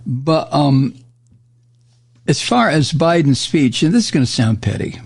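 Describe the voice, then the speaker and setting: Older male talk-radio host, husky gravel, blunt sarcastic commentary. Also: a little high, sing-song, a little slow, darkish tone. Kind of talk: political commentary monologue. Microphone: studio microphone.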